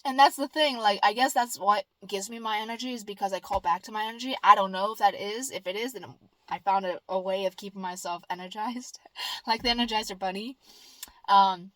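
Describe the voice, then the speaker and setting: A woman's voice: mid-range voice, brisk, bright, forceful tone, dry recording. Woman, vlogger, rambling upbeat talk, fillers and restarts, dry close sound. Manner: upbeat and earnest. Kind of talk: casual chat.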